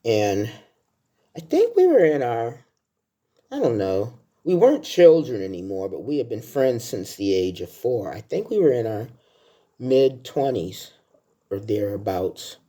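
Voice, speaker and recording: This woman's voice sits extremely low and has a dark tone, expressive but a little slow. In her sixties, she's a film vlogger casually counting down her favorite movies, chatting warmly and telling heartfelt stories as she goes.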